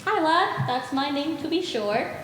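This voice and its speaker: A woman's voice: animated, measured pace, fairly bright tone. Brief: sly, blustering peg-leg pirate cook, played by a woman on a school stage, noisy room. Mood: jovial. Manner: gruff seafaring bluster, sweeping pitch. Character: one-legged male pirate cook, sly and jovial. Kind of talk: high school stage acting. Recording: echoey auditorium stage sound, noisy.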